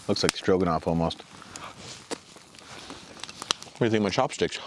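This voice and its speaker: A man's voice: sits low, measured pace, long pauses, noisy background. A man hosting an outdoor vlog, chatting casually to the viewers while camping by a fire in the forest. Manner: relaxed, chatty, talks to the viewers.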